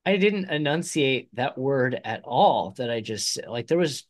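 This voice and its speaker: A man's voice: medium pitch, animated, a little slow. A man with a slight Midwestern accent co-hosting a casual talk show, chatty and rambling, laughing often. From Midwest United States. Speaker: podcast co-host. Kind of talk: casual chat.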